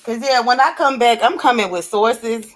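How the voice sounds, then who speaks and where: A woman's voice: a little high, moderate pace. A woman co-hosting a live stream in casual chat, talking bluntly and with animation, swearing freely and laughing often. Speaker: livestream co-host.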